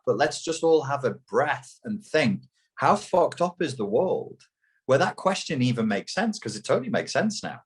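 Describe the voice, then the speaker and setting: A man's voice: mid-range voice, sing-song, moderate pace. A man as an interview guest, talking emphatically and mockingly, with plenty of swearing. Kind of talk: heated opinionated talk.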